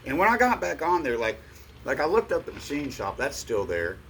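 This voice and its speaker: A middle-aged man telling a rambling personal story in a halting way, full of fillers and restarts. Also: a little high, huge pitch swings, a bit bright, slight background noise. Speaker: vlogger.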